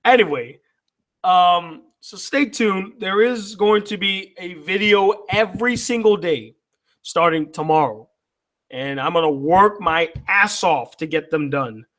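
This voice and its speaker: Tired, high-voiced man chatting on a livestream. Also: measured pace, fairly bright tone. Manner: loose, profane, teasing banter with viewers. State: tired, yawning. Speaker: YouTube channel host. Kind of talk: casual live-stream chat reading viewer comments.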